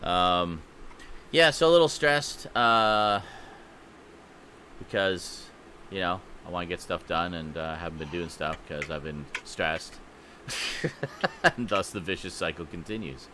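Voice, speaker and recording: Excitable male streamer hosting a live podcast. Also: sits low, takes it slowly, long pauses, a little hiss or hum. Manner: excitable, reads out chat donations. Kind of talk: casual live-stream chat.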